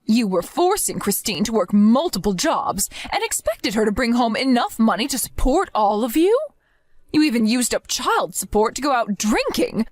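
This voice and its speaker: A woman narrates a dramatized story and plays a strict, protective grandmother, scolding firmly and demanding answers. She speaks at normal speed in a high-leaning, very animated voice, recorded with no room sound.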